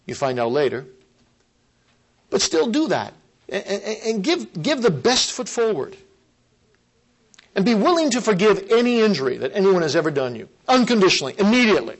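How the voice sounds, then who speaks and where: A man preaching a sermon, earnest and emphatic, repeating key phrases and slowing down to stress them. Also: high voice, sing-song, rough recording.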